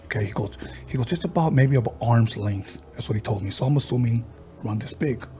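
Mellow-voiced man telling a ghost story. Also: mid-range voice. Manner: retells a story, slipping into quoted voices; halting, with frequent restarts and fillers. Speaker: podcast host. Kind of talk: casual paranormal storytelling.

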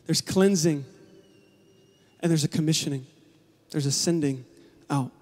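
A man with a notably high voice delivers a sermon in a large church hall. His voice rings out with a long reverb. He swings from hushed, intimate lines to impassioned, shouted calls. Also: measured pace. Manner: builds from quiet to passionate shouting. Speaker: pastor.

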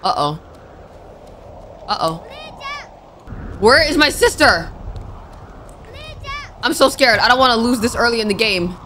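A woman streamer plays a horror game and talks to herself in nervous, jumpy let's-play commentary full of scared exclamations. Her voice is on the high side, bright and forceful, with lively intonation. She speaks unhurriedly, pauses often, and there's a slight hiss or hum.

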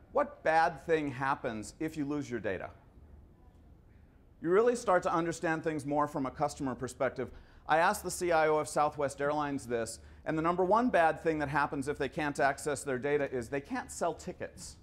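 Middle-aged man giving an anecdotal lecture. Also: on the high side. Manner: conversational, anecdotal, stumbles and repeats words. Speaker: guest lecturer. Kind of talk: storytelling lecture.

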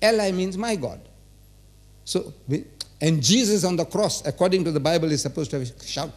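Man, lecture hall, religious talk, rhetorical questions, somewhat high voice. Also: animated, moderate pace. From South Africa. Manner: rhetorical, quizzes and teases the audience. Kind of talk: religious lecture to a live audience. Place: large auditorium.

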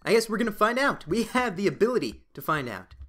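A young man from Canada giving casual, excitable commentary as he plays a video game, often breaking into exclamations. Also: sits high, fast. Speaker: let's play gamer.

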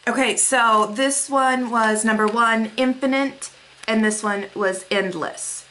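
A woman's voice: on the high side, a little slow, fairly bright tone, slight background noise. A young woman vlogger unboxing mail, gushing with gasps and breathless exclamations as she shows each item. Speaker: beauty vlogger.

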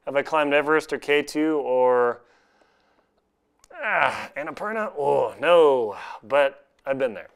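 Reviewing gear from home in an unboxing vlog, a chatty man keeps poking fun at himself and laughing. He talks at a slow pace in an animated, medium-pitched voice.

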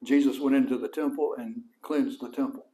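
Brisk and folksy, a middle-aged West Texas preacher gives his sermon with plenty of animation, letting his voice rise high on the words he stresses.

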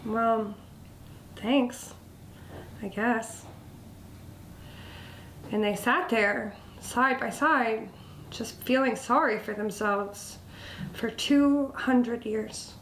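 Slow, expressive woman storyteller. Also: a little high. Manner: slow, expressive, drops to whispers. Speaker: nature school instructor. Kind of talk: storytelling for children. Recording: echoey room, faint background noise.

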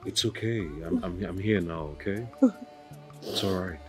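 An actor playing a gentle young man who reassures and comforts softly. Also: low voice, moderate pace, soft background music, natural voice. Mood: soothing. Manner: soothing, reassuring, repeating himself.

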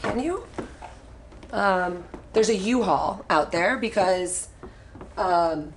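A woman's voice: on the low side, takes it slowly, roomy sound. Young woman, casual home vlogger, rambly filler-heavy chat, light hiss behind. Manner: rambling and thinking aloud, many fillers. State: out of breath. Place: indoors at home.

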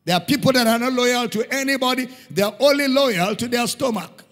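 Middle-aged Nigerian pastor, high and emphatic, preaching with repetition in a reverberant church hall. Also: male voice, fairly quick, fairly bright tone. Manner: emphatic preaching, repeating lines for stress. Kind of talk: sermon.

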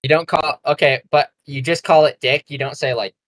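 A young man hosting a podcast, rambling and excitable in crude casual banter, laughing often. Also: fairly high pitch, a little fast, no room sound. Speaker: podcast host.

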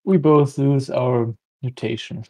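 A man's voice: medium pitch, steady tone, slow, dark tone, no room sound, low-quality recording. A man playing a board game, thinking aloud and explaining the rules to his opponent. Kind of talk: casual board game chat.

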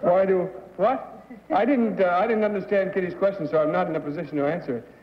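A higher-voiced man on a game show panel, asking questions in a joking, halting way. His voice comes through a dull 1960s TV recording in a studio with a long echo. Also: steady tone. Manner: joking, hesitant.

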